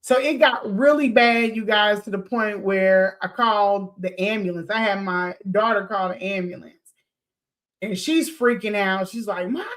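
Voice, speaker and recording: A woman in her forties hosting a podcast, telling a personal story in a loose, animated way, swearing freely and acting out what people said. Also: mid-range voice, measured pace. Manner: animated, swears freely, laughs, acts out quotes. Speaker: podcast host. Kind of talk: casual storytelling to listeners.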